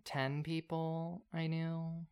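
A young man in his twenties chats casually as a podcast co-host. His voice is smooth and clean. He winds through long stories, filling them with "like" and "um". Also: on the high side, level tone, takes it slowly, a little mellow. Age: 20s. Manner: rambling storyteller, lots of "like" and "um". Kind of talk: casual chat.

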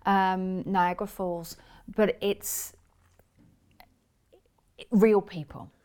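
A woman's voice: mid-range voice, fairly even intonation, very slow, darkish tone. Earnest woman in her forties. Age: 40s. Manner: earnest, rambling, with restarts. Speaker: guest, spiritual teacher. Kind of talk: conversational interview storytelling.

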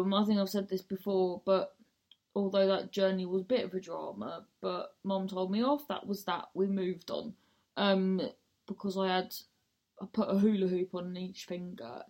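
A woman's voice: lowish voice, darkish tone. A young woman hosting her own podcast, rambling casually and swearing freely as she tells everyday stories. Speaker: podcast host. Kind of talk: casual monologue.

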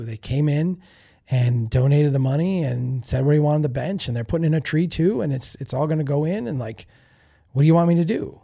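A podcast host telling a candid, self-reflective story in a casual monologue, often restarting and repeating words. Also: male voice, a little high, brisk, creaky, dark tone. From Minnesota.

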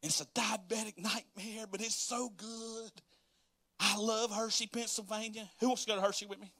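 A man preaching a sermon as pastor, animated and folksy, acting out everyday scenes with casual asides. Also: high voice, normal speed, no room sound. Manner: animated, acts out everyday scenes in quoted voices.

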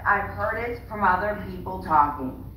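A woman's voice: mid-range voice, normal speed, bright, forceful tone. A woman podcast co-host talking in a fired-up, indignant way in casual chat. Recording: roomy, distant mic, faint noise.

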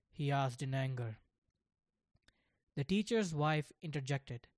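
A storyteller reading a children's story aloud in scripted narration, slow and deliberate. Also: mid-range voice, a little mellow, no echo, studio quality.

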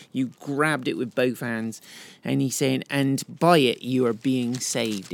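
A man's voice: mid-range voice, vocal fry. A middle-aged man, giving an earnest, chatty Bible talk while walking outdoors. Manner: warm, earnest, chatty with asides. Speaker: podcast host and Bible teacher.

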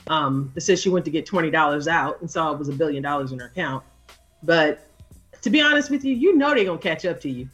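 A woman's voice: low voice, fast, soft background music. A woman co-hosting a casual chat show, telling stories and acting out the people in them. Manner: animated, acts out quoted voices. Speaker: co-host.

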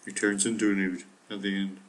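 A man's voice: low-pitched, little pitch movement, brisk, a little hiss or hum, low-quality recording. A man co-hosting a casual chat podcast. He speaks in a wry, teasing way and quizzes his co-host.

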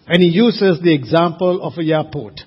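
A pastor preaches a sermon at a church service, his voice fairly high-pitched with a breathy edge and a normal speed. He speaks emphatically and puts rhetorical questions to his congregation. The recording sounds muffled, as if captured in a reverberant hall.

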